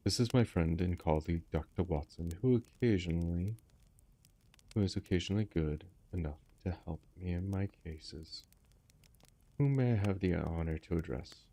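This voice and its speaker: A man reading as a brisk, commanding detective. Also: low-pitched, dark tone. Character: brisk, confident male detective.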